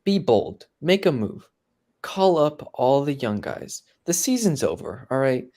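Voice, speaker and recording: A man's voice: medium pitch, very animated, a little slow, mellow. A man co-hosting a casual sports talk show, blunt and emphatic. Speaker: podcast co-host.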